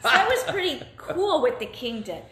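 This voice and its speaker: A woman tells a children's Bible story in an encouraging way, her voice a bit high. The room is echoey, with faint hiss behind her. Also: big pitch swings, moderate pace, fairly bright tone. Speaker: children's church host. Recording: echoey room, phone camera.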